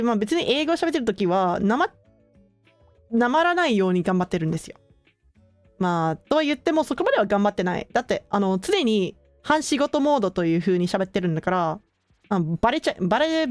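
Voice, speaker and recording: A young woman streamer chatting casually with her viewers, relaxed and full of filler words, often laughing between thoughts. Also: a little high, dry recording. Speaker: streamer hosting her own channel.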